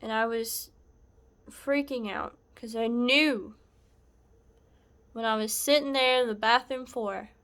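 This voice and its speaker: A woman recounting a painful personal story in a halting, soft-spoken way, sometimes dropping to a whisper. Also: on the high side, steady tone. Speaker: vlogger sharing a personal story. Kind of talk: emotional personal testimony.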